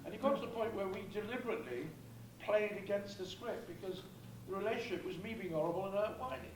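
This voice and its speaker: A man's voice: high-pitched, fast talker. An older man with an English accent, a guest actor chatting and joking through answers at a convention panel. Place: large echoey convention hall. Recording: echoey hall from far off, noisy.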